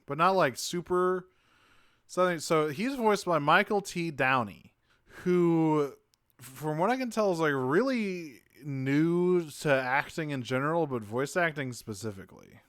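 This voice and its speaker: A man's voice: a little high, animated, unhurried, no room sound, clean studio sound. A man co-hosting a podcast, animatedly recapping a cartoon episode with laughs and quoted lines. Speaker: podcast co-host. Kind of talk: casual chat recapping a cartoon.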